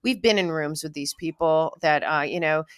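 A woman podcast host in political chat, talking emphatically and rising to intense high peaks. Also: normal speed, clean tone, no room sound, clean studio sound.

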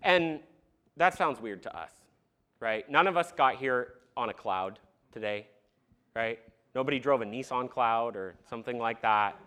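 A young man preaching a sermon to a congregation in a church, animated and conversational with asides to the crowd. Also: mid-range voice, unhurried, clear, resonant tone. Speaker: pastor. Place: church sanctuary.

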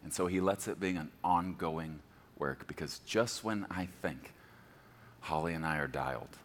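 A man's voice: sits low, a little slow, in a large hall, slight background noise. A man in his forties preaching a sermon as a pastor, telling stories with laughter and self-deprecating humor. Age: 40s.

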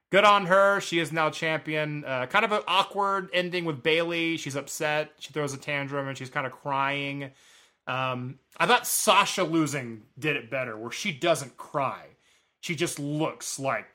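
A man co-hosting a podcast, chatting casually about a wrestling event and now and then mimicking fans in high voices. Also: measured pace, bright, forceful tone. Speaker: podcast co-host. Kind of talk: casual wrestling review chat.

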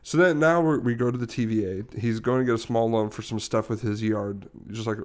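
A man's voice: medium pitch, brisk. Young man rambling through a funny story. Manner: rambling, laughs often while telling a story. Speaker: podcast co-host. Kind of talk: casual storytelling chat.

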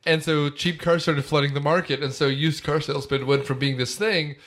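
A man's voice: fairly high pitch, fairly even intonation, a little fast, a bit bright. Guy rambling on a podcast about a movie, lots of ums and side tangents. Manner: rambling, frequent fillers and asides. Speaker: podcast co-host. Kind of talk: casual film discussion.

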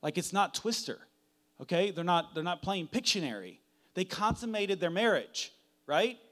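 Male preacher, fairly high voice, sermon, chatty with lots of "like", goes from hushed to loud. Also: expressive, normal speed. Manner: dramatic, swings from hushed to loud; conversational, uses "like" often.

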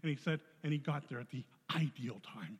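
A man giving a spoken testimony to a church congregation, telling his story in a lively way and acting out the voices in it. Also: mid-range voice, brisk, husky. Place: church hall. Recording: long hall reverb.

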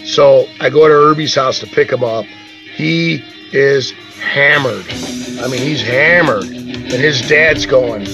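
A man's voice: medium pitch, normal speed, vocal fry, over music. A man telling a rowdy story as a podcast co-host, swearing freely and acting out the voices of the people in it. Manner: profane, animated, acts out quoted voices. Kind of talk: casual storytelling.

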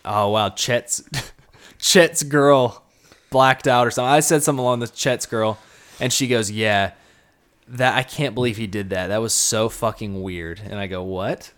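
A man's voice: fairly low pitch, steady tone, measured pace, fairly bright tone. A young man co-hosting a casual podcast chat, telling a story and acting out the quoted lines. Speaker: podcast co-host.

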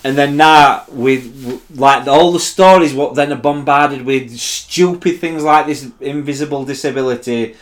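A man talks in a loose, rambling way. He stops and restarts often and leans on "like" between thoughts. His voice sits at an ordinary middle pitch. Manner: rambling, halting, lots of "like". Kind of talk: casual chat.

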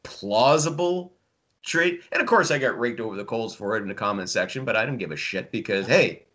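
A man's voice: mid-range voice, expressive, brisk, fairly bright tone. Man, hockey writer, sardonic, rambling, casual podcast chat. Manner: sardonic, rambling, many fillers.

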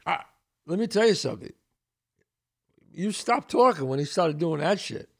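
Older Bronx-accented male podcast host, gravelly voice, lively swooping storyteller who acts out the people he quotes. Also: a little high, normal speed. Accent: Bronx New York. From New York. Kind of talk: casual storytelling.

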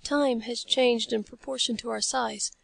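A woman reading the lines of a calm, learned male scientist in a storybook, in a measured, explanatory way. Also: fairly high pitch, vocal fry, dry recording, full character voice.

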